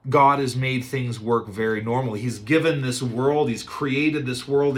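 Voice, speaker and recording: A male pastor preaching a sermon, retelling a scripture story in a casual, animated way. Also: medium pitch. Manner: conversational, animated retelling with chuckles.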